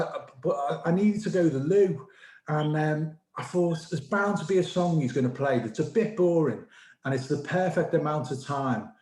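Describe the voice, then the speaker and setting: A man's voice: on the high side, a little mellow, reverberant, a little hiss or hum, low-quality recording. A man hosting a comedy show over a video call, telling wry, self-deprecating anecdotes between acts.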